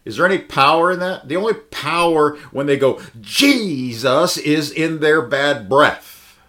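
A man's voice: a little high, moderate pace, pushed and bright. A man teaching the Bible in a conversational sermon, emphatic and full of rhetorical questions. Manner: emphatic, asks the listeners many rhetorical questions.

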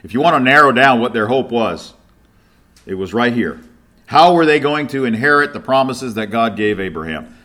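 A man's voice: medium pitch, lively intonation, normal speed, sharp tone. A middle-aged man preaching a sermon, reading scripture aloud with emphasis and asking rhetorical questions.

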